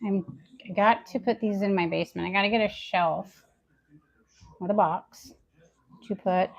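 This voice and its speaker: Casual at-home vlogger, a woman chatting through chores, talking to herself and viewers, voice with some fry. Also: mid-range voice, steady tone, normal speed, muffled recording. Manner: chatty, talks aloud to herself and viewers while working. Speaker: homestead lifestyle vlogger. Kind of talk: casual chat to camera while doing chores. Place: at home, indoors.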